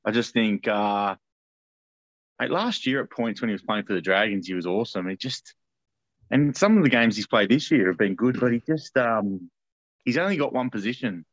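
Australian man, blunt podcast co-host, low voice, dry, muffled sound. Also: expressive, normal speed, no room sound. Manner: blunt, opinionated, says mate a lot. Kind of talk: casual chat.

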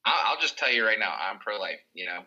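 A man co-hosting a podcast, chatting in an earnest, animated way. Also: on the low side, fast talker, lo-fi sound. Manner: earnest, animated, slips into impressions. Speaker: podcast co-host. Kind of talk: casual chat.

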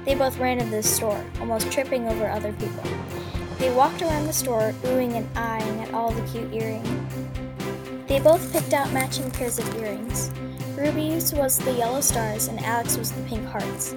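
A woman reading a story aloud in an expressive, dramatic way. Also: on the high side, moderate pace, loud music behind the voice.

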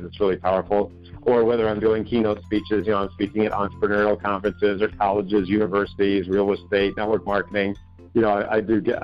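Emphatic self-help author telling a story. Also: male voice, lowish voice, lo-fi sound. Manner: emphatic, acts out his own questions with rising energy. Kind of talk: animated storytelling in an interview.

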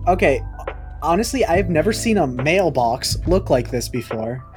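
A man's voice: fairly high pitch, lively intonation, normal speed, darkish tone, faint music behind. A young man hosting a podcast, playful and teasing while reading out a quiz. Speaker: podcast host. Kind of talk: casual chat, reading a quiz.

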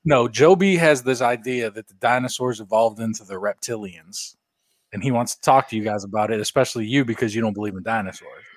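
A man co-hosting a podcast, animated and emphatic in casual banter. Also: medium pitch, brisk, no echo. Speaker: podcast co-host.

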